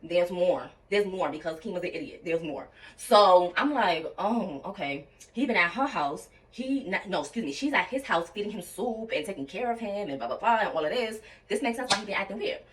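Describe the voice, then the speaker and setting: A woman's voice: mid-range voice, a little fast, hardly any pauses. A young woman spins a personal story straight to her viewers, swinging her voice up and down and slipping into quoted dialogue. She sits a little back from the mic, so her voice sounds slightly distant. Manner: animated, addresses viewers as y'all, quotes people in dialogue. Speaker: storytime vlogger. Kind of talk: casual storytelling to camera.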